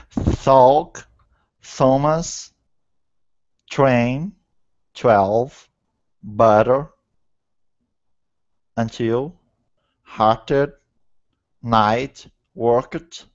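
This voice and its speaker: A man studying English, reading practice words slowly and carefully during an online lesson. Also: medium pitch. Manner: slow, careful word practice. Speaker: language student. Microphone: video call. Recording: lo-fi online call audio.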